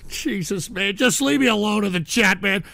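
A man hosting a comedy stream in an exasperated, profane on-air meltdown, swinging between yelling and weary muttering. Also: sits high, measured pace, gravelly.

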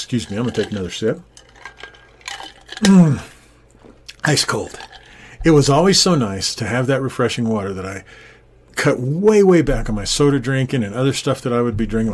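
An older man, a Christian minister, telling a personal testimony in an earnest, animated way and acting out the people he quotes, recorded in a home studio on a desktop microphone. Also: medium pitch, breathy edge. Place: home studio with green screen. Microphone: desktop USB studio microphone.

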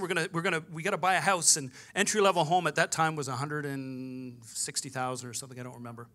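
Bright-voiced pastor telling a story. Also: male voice, fairly high pitch, fast talker, hardly any pauses. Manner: storytelling with quoted dialogue, animated. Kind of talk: sermon.

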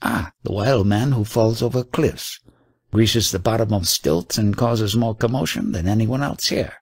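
A man's voice: lowish voice, unhurried, husky, no echo. A man voicing a stern old male Lord Abbot in an audiobook, dry and authoritative.

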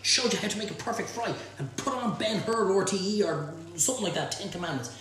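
Jokey Irish chef in an echoey kitchen. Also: male voice, sits high, animated, quick pace, fairly bright tone, slight background noise. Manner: jokey banter, reading out viewer comments. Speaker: chef hosting a live cook-along. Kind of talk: live-streamed cooking demonstration. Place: home kitchen.

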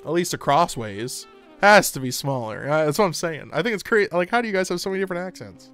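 A man's voice: on the high side, fairly bright tone. An American man streaming live, chatting casually and playfully with his chat, reading comments aloud and laughing often.

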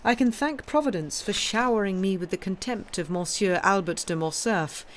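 A woman's voice: medium pitch, normal speed, slight background noise, natural voice. A woman voicing a proud, outspoken young heiress who talks in firm, ringing tones. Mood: defiant.

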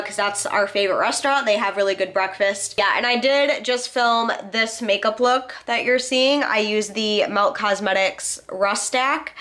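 A woman's voice: medium pitch, pushed and bright. A woman in her twenties vlogging casually to the camera, chatty and bubbly, with a nasal, stuffed-up voice from a cold. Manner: chatty, bubbly, with frequent swearing. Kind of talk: casual vlog talk to camera.

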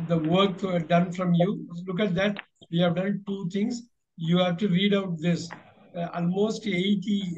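An encouraging male teacher, leading an online class. His voice sits high and he keeps repeating his instructions, stopping and starting with fillers. The sound is dull and lo-fi. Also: darkish tone, a little hiss or hum. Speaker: English teacher. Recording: dull lo-fi recording.

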